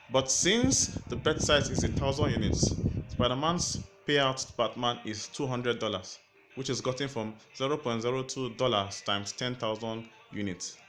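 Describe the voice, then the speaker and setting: A man's voice: medium pitch, a bit bright. Male forex teacher, casual storyteller, mid-range voice, music bed. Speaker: forex educator. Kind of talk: storytelling explainer lesson. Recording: music playing underneath.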